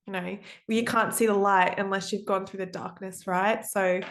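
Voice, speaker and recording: A woman hosting a podcast, speaking earnestly and upbeat in a casual interview. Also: medium pitch. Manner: earnest, upbeat, uses fillers. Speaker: podcast host.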